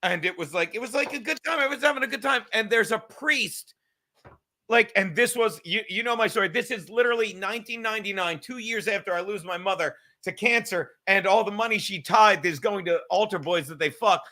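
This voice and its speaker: Male comic host, high bright voice, rambling and swearing, stumbles over restarts. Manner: rambling, profane, quick to laugh, stammering restarts. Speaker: podcast host and comedian. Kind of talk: casual chat.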